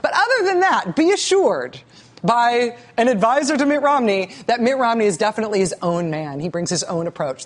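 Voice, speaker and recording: Sardonic woman hosting cable news. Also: fairly low pitch. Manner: sardonic, mocking; quick asides with stammered restarts. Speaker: news show host.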